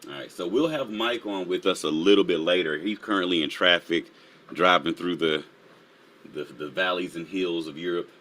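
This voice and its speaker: Lively guy doing a live stream, low voice, bright punchy tone, laughs a lot. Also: moderate pace. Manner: energetic, laughs often, reads chat aloud. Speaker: livestream host. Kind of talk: casual live-stream chat.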